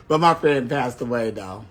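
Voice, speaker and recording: A man's voice: fairly low pitch, slightly rough. A man chatting casually on a phone livestream, telling brash, profane stories. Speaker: drag performer on a livestream.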